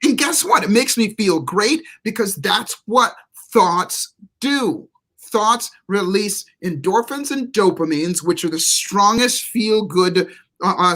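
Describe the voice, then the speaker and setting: A man's voice: sits high, lively intonation, a little slow, a bit bright. A man speaking as a guest motivational speaker on a live interview show, emphatic and preacherly, repeating key words for stress.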